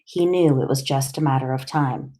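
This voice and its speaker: A weary, gentle woman doctor, read by a woman. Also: rumbling low, moderate pace. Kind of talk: audiobook character dialogue.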